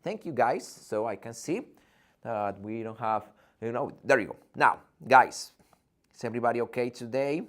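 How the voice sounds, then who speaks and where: A man's voice: mid-range voice, lively intonation, moderate pace, a bit bright. A man teaching an online English class, playful and theatrical, joking and acting out his students' questions. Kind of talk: live online English lesson. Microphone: video call.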